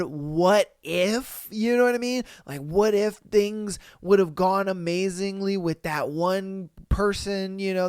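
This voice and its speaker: A man hosting a podcast, reading out posts and reacting with loud, profane, animated commentary and frequent laughter. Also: high voice, smooth, no room sound, studio quality. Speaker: podcast host. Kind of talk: casual solo commentary on reader posts.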